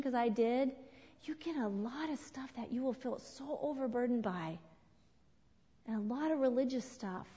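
Woman in her forties, earnest sermon, fairly high voice, long hall echo, slightly muffled sound. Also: mellow, slightly rough. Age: 40s. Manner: earnest, emphatic, slows down to stress key words. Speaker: women's ministry speaker. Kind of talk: sermon to a women's group.

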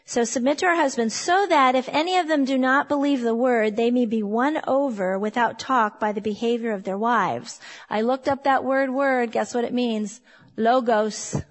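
Woman, fifties, Bible teacher, slightly high voice, chatty and emphatic, asks the room questions. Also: normal speed. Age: 50s. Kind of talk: sermon teaching.

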